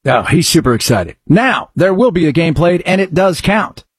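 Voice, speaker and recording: A man's voice: a little high, big pitch swings, normal speed, slightly rough, no room sound. A man hosting a radio talk show, chatting casually and jokingly about sports and news. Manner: chatty, rambling, jokey.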